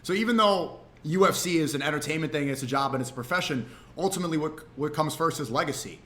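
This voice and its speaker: Male streamer, fairly high voice, casual and animated storytelling, rambling. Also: quick pace. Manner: animated, rambling, frequent restarts.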